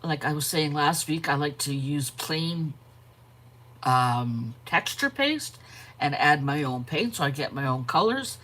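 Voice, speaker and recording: A woman hosting a live art stream, chatting casually, greeting viewers by name and pausing to yawn and correct herself. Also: low-pitched, expressive, fairly bright tone. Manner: frequent yawns and self-corrections. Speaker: art channel host.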